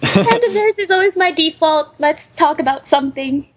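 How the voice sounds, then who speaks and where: A young woman, a newcomer voice actor, chatting bashfully and giggling like an excited fan. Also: high voice, normal speed. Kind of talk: casual podcast chat over a call. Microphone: online voice call. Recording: dull lo-fi call audio.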